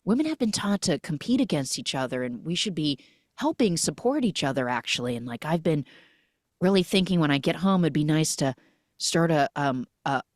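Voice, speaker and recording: A woman's voice: sits low, sing-song, normal speed, no room sound, studio quality. A woman voicing an earnest young woman who rambles with fillers and restarts.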